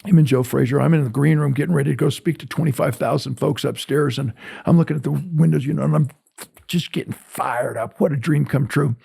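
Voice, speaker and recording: Older male guest storyteller, gravelly husky voice, mellow tone, lively delivery. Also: on the high side, a little fast. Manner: animated storyteller, acts out dialogue. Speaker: guest motivational speaker. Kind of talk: storytelling in an interview.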